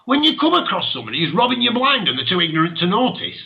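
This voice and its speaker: A man's voice: sits high, big pitch swings, very fast, gravelly, dull audio. A man hosting an internet radio show, talking with passion, ranting and laughing often. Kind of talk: impassioned talk radio monologue.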